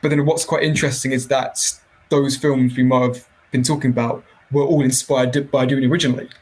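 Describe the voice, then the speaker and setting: Man, podcast guest, medium pitch, hesitant, rambling. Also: fairly even intonation, brisk, darkish tone, low-quality recording. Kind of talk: casual film review chat.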